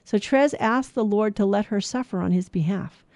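Here a woman teaches with earnest conviction as co-host of a Bible radio program, listing sins and virtues in an even, deliberate rhythm. She speaks at a medium pitch with no audible room sound.

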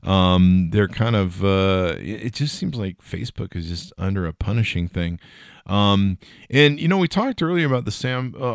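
Middle-aged guy doing a tech news podcast, deep voice, lots of ums, jokey tangents. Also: vocal fry, smooth, dry recording, studio quality. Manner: rambling, jokey asides with many fillers. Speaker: podcast host. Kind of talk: casual tech news talk.

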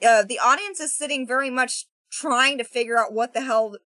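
A woman in casual movie discussion on a podcast, animated and acting out lines from the film. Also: fairly high pitch, moderate pace, no room sound. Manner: animated, acts out film dialogue.

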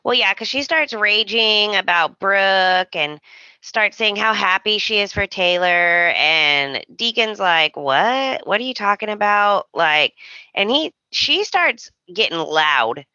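Woman co-host, casual chat, sarcastic, bright tone, dry lo-fi recording. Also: medium pitch, animated, slow pace, no room sound. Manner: sarcastic, playful, quotes characters. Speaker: podcast co-host. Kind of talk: casual chat recapping a soap opera. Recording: dry, dull lo-fi audio.

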